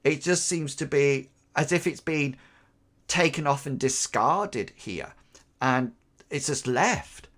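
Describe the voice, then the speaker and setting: A man running a tabletop game, describing the scene at an unhurried pace. His phrasing is halting and full of fillers. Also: a little high, lively intonation, fairly bright tone. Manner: hesitant, many fillers. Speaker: game master.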